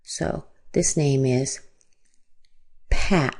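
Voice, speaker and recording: A woman with an American accent gives a careful pronunciation lesson in a low, mellow voice. She speaks at an unhurried pace and draws out each modeled word so the vowels can be heard clearly. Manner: models words slowly with stretched vowels. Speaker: pronunciation teacher. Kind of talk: slow, deliberate pronunciation lesson.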